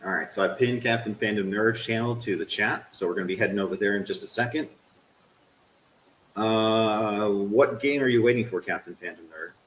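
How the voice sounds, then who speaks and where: A man streaming a game, swearing at it and swinging from low grumbling to loud yelling while he talks to his chat. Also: normal speed, roomy sound, a little hiss or hum, poor audio. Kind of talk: live game stream commentary.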